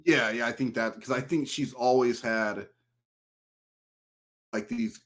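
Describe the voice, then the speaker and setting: A man telling a long story in casual podcast chat, turning animated whenever he quotes someone. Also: mid-range voice, slow. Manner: storytelling, animated when quoting an ex. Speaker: podcast guest.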